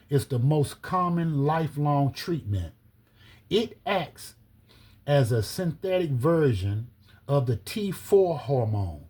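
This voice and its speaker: A man giving a slow, deliberate scripture-based teaching, reading verses aloud and spelling out words letter by letter. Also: a little high, dark tone. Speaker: religious teacher.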